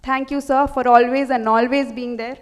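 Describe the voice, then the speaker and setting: A young woman, a student reading a prepared vote of thanks, earnest and steady. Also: high-pitched, moderate pace. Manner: read from notes, earnest. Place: large auditorium hall. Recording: reverberant hall.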